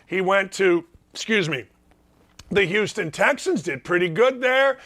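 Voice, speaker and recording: A man's voice: sits high, lively intonation, measured pace, sharp tone. An older man hosting a sports talk show from his basement, ranting sarcastically about coaches and athletes. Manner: emphatic, ranting, fired-up. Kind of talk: opinionated sports commentary. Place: home basement studio.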